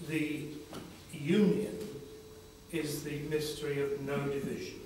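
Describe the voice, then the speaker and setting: Older guy, slow thoughtful spiritual talk, lots of pauses, faint room hum behind him. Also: on the high side, little pitch movement, a little mellow. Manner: slow, reflective, with long pauses. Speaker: speaker at a conference panel. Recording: echoey hall from far off.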